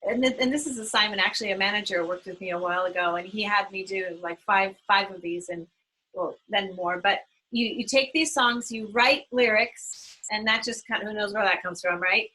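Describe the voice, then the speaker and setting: A woman's voice: medium pitch, fairly quick, bright, forceful tone, poor audio. A woman panelist on a video call webinar sharing songwriting tips in a chatty, rambling way, often restarting her sentences. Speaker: solo artist, panelist. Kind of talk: webinar talk.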